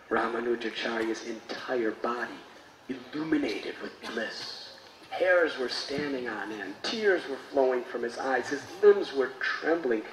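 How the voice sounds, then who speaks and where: A man, a spiritual teacher, telling a sacred story in a sermon with slow, dramatic delivery. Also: mid-range voice, a bit bright. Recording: echoey, distant mic, faint noise.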